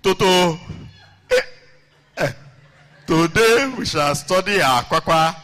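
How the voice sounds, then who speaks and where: A man's voice: sits high, expressive, takes it slowly, a bit bright, heavily acted. A man voicing a nervous, stammering male schoolteacher who stutters through his lesson in a strained voice. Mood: flustered.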